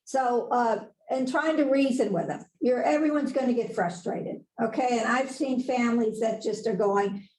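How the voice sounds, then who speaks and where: A woman's voice: a little high, moderate pace, few pauses, a little mellow, roomy sound, rough recording. A woman presenting a conversational webinar lecture as a nurse educator, in a chatty, folksy way, laughing at her own asides.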